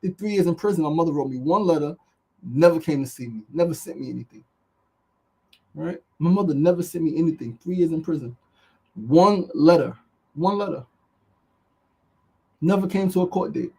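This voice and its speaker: A man's voice: on the high side, quick pace, vocal fry, dark tone, slightly rough, rough recording. A man hosting a motivational show, talking with passion and frequent swearing, asking "right?" again and again. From New York. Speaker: podcast host. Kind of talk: motivational livestream talk.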